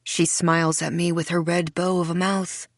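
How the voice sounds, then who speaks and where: A woman reading a first-person mystery audiobook in a measured, hushed way. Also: fairly low pitch, little pitch movement, no room sound, clean studio sound. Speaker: audiobook narrator. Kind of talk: scripted first-person narration.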